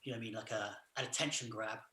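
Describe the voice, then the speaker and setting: A man with a bright, forceful voice chats casually through a film's story, rambling loosely as he goes. His voice rings out in a roomy, echoey space. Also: lowish voice, fairly even intonation, very fast, slight background noise. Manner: loose retelling of the plot, full of "sort of" and "like". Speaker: podcast co-host. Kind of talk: casual film review chat.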